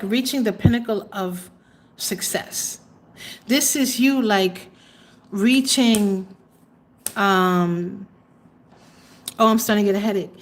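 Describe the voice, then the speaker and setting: A woman's voice: medium pitch, a little hiss or hum. A woman hosting a live tarot reading, chatty and exclamatory, trailing off into fillers as she reads cards for viewers. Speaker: tarot reader and livestream host.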